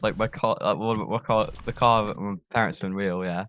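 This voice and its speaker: A man tells a story hesitantly in casual podcast chat, falling back on the same filler word again and again. His voice sits low, with a faint hiss in the background. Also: fairly quick, few pauses, a bit bright. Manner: hesitant, keeps saying "basically". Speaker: podcast guest.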